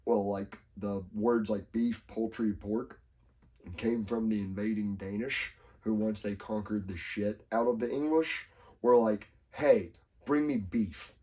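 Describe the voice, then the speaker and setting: A man's voice: on the low side, steady tone, a little slow, warm tone. A young man co-hosting a casual podcast chat, rambling, laughing often and acting out quotes in silly voices. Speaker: podcast co-host.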